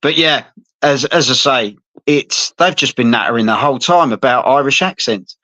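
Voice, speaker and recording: A man hosting a chatty interview, his voice bright and forceful. He sounds friendly and rambling, and the sound is dry and a little dull. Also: medium pitch, moderate pace, no echo. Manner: chatty, friendly, says "mate" and "isn't it". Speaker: interview host. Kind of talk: casual interview.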